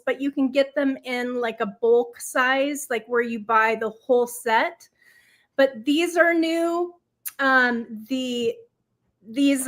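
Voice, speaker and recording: A woman's voice: sits high, a bit bright. A woman guest giving an earnest, emotional, faith-filled testimonial, at times choked up. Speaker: guest, product seller.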